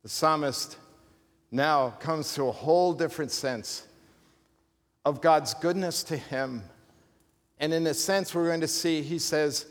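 A man's voice: fairly high pitch, a little slow, pauses often, long reverb tail. A man preaching a sermon in a church, in a conversational style with humorous asides. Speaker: pastor. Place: church sanctuary.

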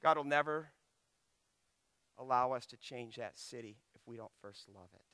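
A man preaching a sermon, swinging from loud, impassioned pleading to quiet, hushed asides. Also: medium pitch, normal speed, clear, resonant tone, dry recording.

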